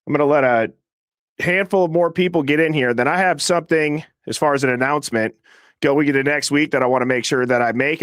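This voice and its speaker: Male stream host, slightly high-pitched, dry close mic, rapid easy patter reading viewer names. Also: dry recording. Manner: fast, casual, shouting out names in quick succession. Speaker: host of a live call-in show.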